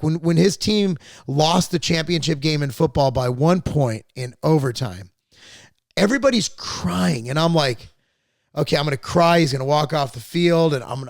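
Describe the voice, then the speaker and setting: A man's voice: a little high, creaky, no echo. A middle-aged man hosting a podcast, telling family stories in a rambling, profane, casual way. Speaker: podcast host. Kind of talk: casual chat.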